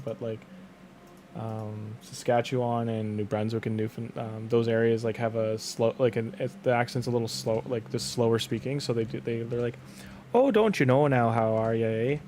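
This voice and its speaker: A man's voice: mid-range voice, level tone, normal speed, darkish tone, a little hiss or hum. Rambling Canadian man streaming. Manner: rambling, leans on "like", frequent restarts. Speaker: game streamer. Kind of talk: casual live-stream chat.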